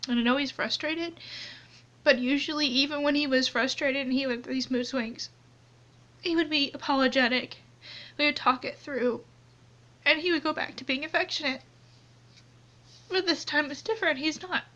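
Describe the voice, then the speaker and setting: Young woman, anonymous confessional vlog, tearful and halting, high-pitched, dull lo-fi phone sound. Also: pushed and bright. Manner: halting, many restarts and trailing off. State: tearful, crying on and off. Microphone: phone camera close up, only a hand in frame.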